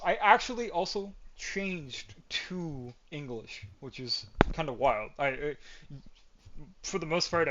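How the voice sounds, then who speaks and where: A man's voice: mid-range voice, fairly bright tone. Man chatting casually on a podcast, dull audio. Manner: rambling, tags points with "right?". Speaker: podcast host.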